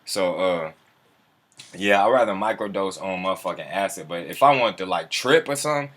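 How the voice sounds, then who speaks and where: A man hosting a loose, unscripted livestream, talking in a somewhat low voice. He rambles in profane slang and reacts to viewer comments as they scroll by. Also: normal speed, fairly bright tone. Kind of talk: casual livestream chat.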